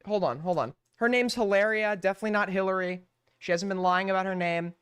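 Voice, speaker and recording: A man's voice: high-pitched, brisk, a bit bright, smooth, dry recording. A man ranting through a live stream commentary, exasperated and full of swearing.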